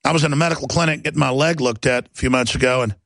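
A man hosting a talk show, delivering a heated, mocking rant and mimicking others in shrill voices. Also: very fast, vocal fry, a bit bright, no echo.

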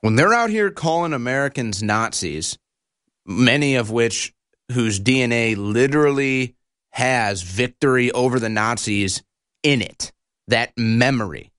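A man's voice: mid-range voice, animated, a little slow, fairly bright tone, smooth, no room sound, studio quality. A man hosting a political commentary show, ranting in a combative, insulting and heated way.

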